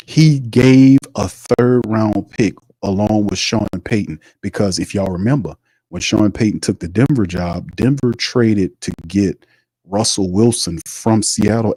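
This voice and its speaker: A man's voice: fairly low pitch, dark tone, dry recording, poor audio. A man hosting a sports livestream, ranting emphatically, repeating himself and reading viewer comments aloud. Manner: emphatic, repetitive, reads chat aloud. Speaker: sports show host.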